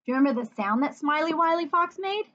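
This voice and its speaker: A woman teacher giving a phonics lesson for young children, sounding words out slowly letter by letter and asking encouraging questions. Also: high-pitched, lively intonation, a bit bright, dull audio. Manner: encouraging, asks the listener questions.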